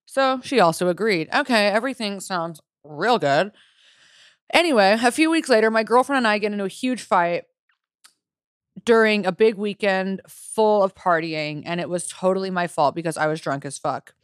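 A woman's voice: mid-range voice, moderate pace, smooth, no room sound, clean studio sound. A young adult woman co-hosting a podcast, reading listener stories aloud with joking asides in casual chat.

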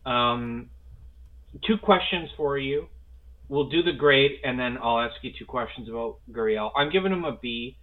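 A man's voice: mid-range voice, normal speed. A man co-hosting a casual sports podcast, talking in an enthusiastic, rambling way with casual swearing. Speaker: podcast co-host. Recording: phone-like narrow sound.

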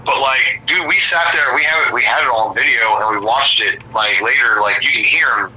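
A man's voice: mid-range voice, brisk, background noise. A young man from the Seattle area telling rambling, profanity-laced stories in casual chat. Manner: profane, rambling, animated storyteller.

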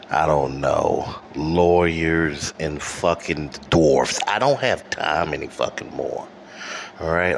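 A man's voice: rumbling low, fairly bright tone. A man from Detroit hosting his own podcast, delivering a profane, rambling solo rant that keeps checking in with "okay?" while recording at home. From Detroit, USA. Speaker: podcast host. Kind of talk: solo ranting monologue. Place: home room with air conditioner running. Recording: faint air conditioner hum. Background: faint air conditioner hum.

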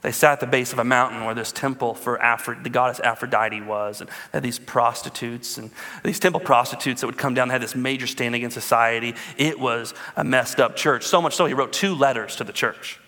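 A man in his thirties, a pastor preaching a sermon with animated storytelling and calls to the congregation. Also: medium pitch, brisk, long reverb tail.

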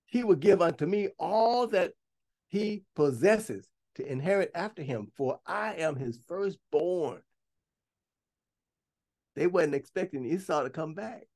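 A man preaching a sermon, reading scripture aloud and breaking off to comment and stress his points. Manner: bursts to high, loud emphasis at times.

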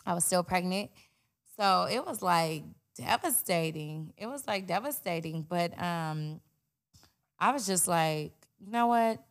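A woman's voice: lowish voice, lively intonation, measured pace. A young woman, a guest in a candid interview, talking bluntly and animatedly and swearing freely.

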